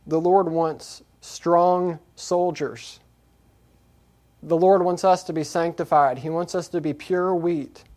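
A man preaching a sermon, moving from quiet reflection to raised, emphatic scripture reading. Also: on the high side, fairly even intonation, takes it slowly. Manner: earnest, repetitive exhortation.

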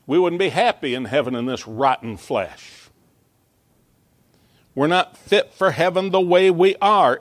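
A man's voice: fairly high pitch, dry recording. A man preaching a sermon as pastor, earnest and building to emphatic peaks, with small stumbling asides.

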